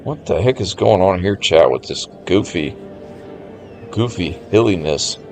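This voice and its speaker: A man with a low, deep voice gives relaxed stream commentary over a strategy game. He thinks aloud and muses to his chat as he plans his moves. Quiet game music plays faintly underneath. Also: unhurried. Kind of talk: casual gameplay commentary.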